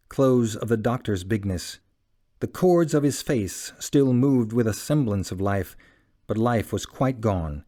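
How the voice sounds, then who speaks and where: A man narrating a classic novel as an audiobook in a measured, dramatic reading. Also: fairly low pitch, mellow.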